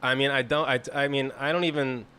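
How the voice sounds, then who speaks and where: Bright-voiced blunt comedian man. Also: mid-range voice, fairly even intonation, fairly quick, clear, resonant tone. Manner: blunt, profane, rambling with many "like"s. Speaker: podcast co-host, comedian. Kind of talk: casual podcast chat.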